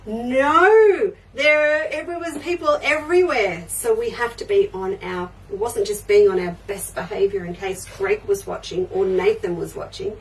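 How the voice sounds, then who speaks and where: A woman's voice: mid-range voice, measured pace, distant mic, slight background noise, poor audio. An older woman hosting a live quilting show, chatting away and answering viewers' comments as they come in. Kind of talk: live crafting show chat.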